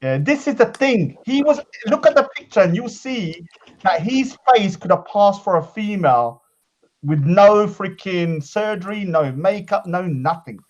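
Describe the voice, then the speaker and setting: High-voiced man teasing on a lo-fi call. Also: animated, unhurried. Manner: teasing, provocative trolling. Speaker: host of an online call-in chat. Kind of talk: casual group call banter. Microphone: online voice call. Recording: lo-fi online call audio.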